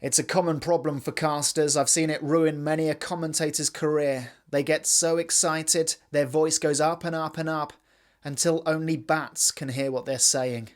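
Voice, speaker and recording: A man's voice: a little high, fairly even intonation, moderate pace. A man delivering scripted comedy esports commentary with mock hype and absurd asides. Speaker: comic esports caster.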